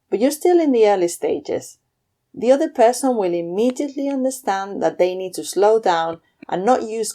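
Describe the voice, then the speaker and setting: A woman teaching beginner phrases in a scripted lesson, slowing down to model each phrase clearly. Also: mid-range voice, dark tone. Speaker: language teacher.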